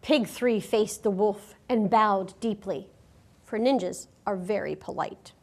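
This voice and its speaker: A woman reading a picture book aloud to children at a school, expressive and animated. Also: medium pitch, measured pace. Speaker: storyteller.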